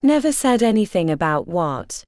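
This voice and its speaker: A blunt, determined young woman speaks with direct, firm lines, as a woman narrator voices her. Her pitch moves in a lively way. The sound is dry and close. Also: moderate pace, no echo, lightly acted.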